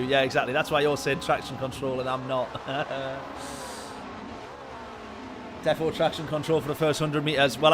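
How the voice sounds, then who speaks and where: A man commentating live on a sim-racing stream, chatting with viewers in his chat and getting excitable in the race. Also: fairly high pitch, noisy background. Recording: game music behind voice. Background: game music and car engine sounds.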